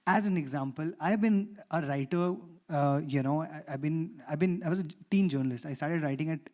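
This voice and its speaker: Animated Indian man, slightly high voice. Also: a little fast. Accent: Indian English. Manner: animated, acts out dialogue in his stories. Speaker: conference panelist. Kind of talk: personal storytelling talk. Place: conference panel stage.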